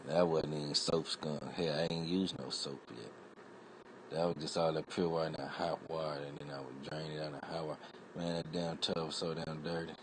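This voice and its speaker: Man, very low voice, casual livestream chat, profane rambling stories. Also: little pitch movement, brisk, noisy background. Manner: acts out quoted voices loudly. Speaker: livestream host.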